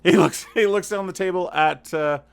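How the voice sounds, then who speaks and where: A man acting as game master, narrating a tabletop game and voicing characters in quick turns. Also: high-pitched, gravelly, clean tone, faint music behind.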